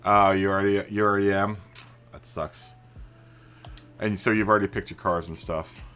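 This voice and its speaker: A man with a low, bright, forceful voice chats easily with his live stream viewers. He greets people by name and laughs a lot. Faint music plays underneath. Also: fairly even intonation, moderate pace, clean tone. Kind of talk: casual live stream chat. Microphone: studio microphone through a mixer.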